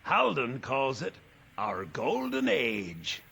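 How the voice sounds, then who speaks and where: A man's voice: mid-range voice, huge pitch swings, takes it slowly, vocal fry, sharp tone, breathy edge, exaggerated voice. An actor playing a boastful, sly male pirate captain in a video game, with a put-on old-time pirate accent and a theatrical drawl. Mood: swaggering.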